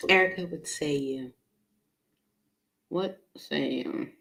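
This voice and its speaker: Woman, lowish voice, chatty tarot reader, laughs a lot. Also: slow, gravelly, fairly bright tone. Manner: chatty, laughs often, many fillers. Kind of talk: casual live tarot reading.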